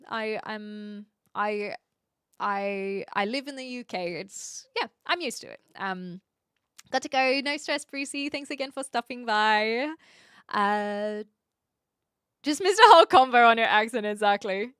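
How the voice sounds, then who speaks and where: A woman's voice: fairly high pitch, lively intonation, measured pace, a bit bright, smooth, no echo, studio quality. A woman from New Zealand chatting casually with viewers as a streamer, restarting her words often as she talks. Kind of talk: casual chat answering viewers.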